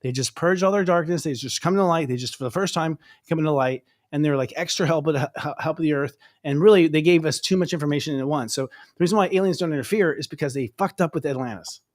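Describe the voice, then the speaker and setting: A man hosting a casual interview chat, rambling and excitable, with lots of fillers and restarts. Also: fairly high pitch, quick pace, hardly any pauses. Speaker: astrologer host.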